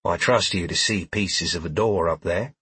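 A man voicing a calm young woman with a dry sense of humor who speaks formally, in an audiobook. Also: deep voice, normal speed, breathy edge, no room sound, full character voice. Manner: formal, without contractions.

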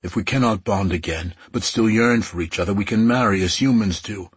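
A defiant young woman, as a male narrator gives her lines, speaks in cold, clipped retorts. The voice is low and deeply husky. It sits dry and close, with no room around it. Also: a little fast, no room sound. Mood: bitter.

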